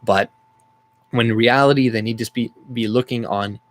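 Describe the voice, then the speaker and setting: A man's voice: mid-range voice, fairly even intonation, normal speed, no room sound. Angry, profane man ranting. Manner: profane, rambling, heated. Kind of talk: angry political rant vlog.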